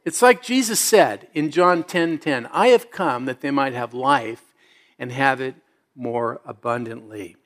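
A man's voice: medium pitch, measured pace, a bit bright. A middle-aged man preaching a sermon as a pastor, telling stories in a conversational way and building to emphatic exhortations.

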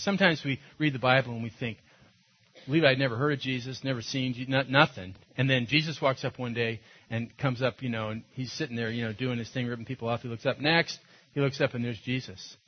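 A male pastor preaching a sermon, retelling a Bible story in a lively, storytelling way and acting out the characters' lines. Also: mid-range voice, brisk, slightly rough, highs cut off. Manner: animated storytelling with acted-out voices and laughs.

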